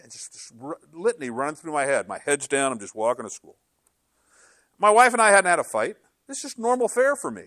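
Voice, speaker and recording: Older man, pastor, sermon, animated storytelling, dry close sound. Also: sits high, normal speed, dry recording. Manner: animated storytelling, acts out inner dialogue.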